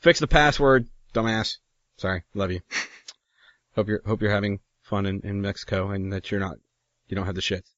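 Laid-back male co-host, lower voice, dull dry audio. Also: fairly even intonation, moderate pace, a bit bright, no echo. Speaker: podcast co-host. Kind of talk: casual chat.

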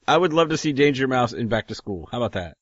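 A man's voice: medium pitch, expressive, quick pace, dry recording, muffled recording. A laid-back man co-hosting a podcast in casual chat. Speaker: podcast co-host.

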